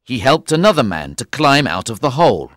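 A man giving scripted audiobook narration, telling the story in a slow, clear way. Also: mid-range voice, big pitch swings, a bit bright, dry recording, clean studio sound.

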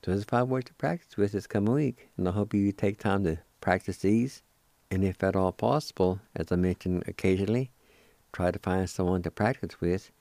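A man hosting a radio language lesson, spelling and pronouncing each word slowly and patiently, repeating it several times. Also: low-pitched, vocal fry, warm tone, no room sound. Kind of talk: slow spelling and pronunciation lesson.

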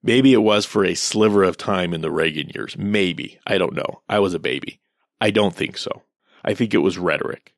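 A man in his thirties with a very low voice and a gravelly, creaky edge. He reads out online posts and tears into them with sarcastic, profane commentary. The sound is dry and close, with no room around it. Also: moderate pace, dry recording.

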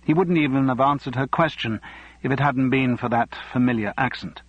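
A man reading a novel aloud as narrator, in a measured, even way. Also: mid-range voice, husky, no echo, lo-fi sound. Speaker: audiobook narrator. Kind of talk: scripted narration.

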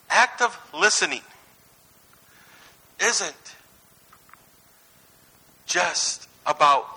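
Bright, high-voiced male preacher. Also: rough recording. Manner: conversational, anecdotal, swings between lively and hushed. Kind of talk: sermon.

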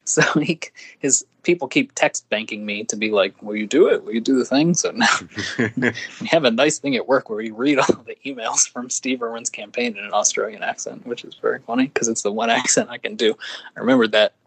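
A man's voice: mid-range voice, fairly quick, fairly bright tone, slightly rough, no echo. A man co-hosting a podcast in casual chat, a giggly, rambling storyteller. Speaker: podcast co-host.

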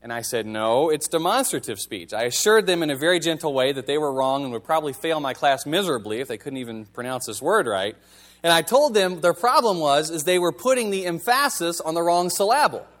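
A man's voice: a little high, lively intonation, fairly quick, a bit bright. A male pastor giving a sermon in a conversational, wry manner, reading scripture and asking the congregation rhetorical questions.

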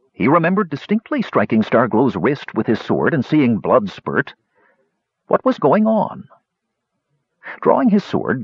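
A man narrating a fantasy story aloud in an expressive, lively reading voice. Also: mid-range voice, husky, no room sound. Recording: dull dry lo-fi recording.

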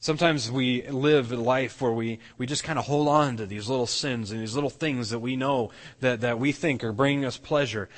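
A man's voice: mid-range voice, moderate pace, hardly any pauses, big-room sound. A man preaching a sermon as pastor, earnest, often restarting and repeating words as he explains. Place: church sanctuary.

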